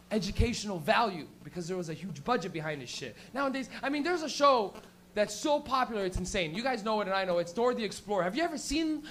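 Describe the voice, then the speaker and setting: A man's voice: sits high, slight background noise. A Canadian man doing a stand-up comedy set, telling loose, profane stories and acting out bits. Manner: loose, profane, animated storytelling with acted-out bits. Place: small comedy venue.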